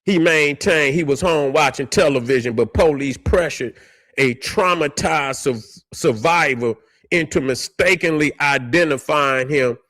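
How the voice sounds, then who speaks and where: A man's voice: fairly high pitch, unhurried, a bit bright. A man hosting a commentary vlog. He rants heatedly and swears a lot, stumbles over words, and reads case histories aloud between outbursts. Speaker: commentary channel host.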